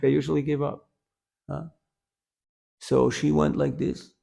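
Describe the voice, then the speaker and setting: The man here, a temple lecturer, has a slightly high, gravelly voice and an unhurried pace. Telling a story with humor in his devotional class, he often asks listeners "huh?" and laughs at his own jokes, a lively storyteller throughout.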